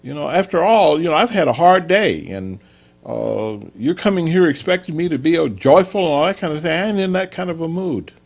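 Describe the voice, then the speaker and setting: A man's voice: medium pitch, moderate pace, creaky, a little mellow. A man voicing a stressed, irritable husband who complains defensively after a bad day at work. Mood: defensive, aggrieved.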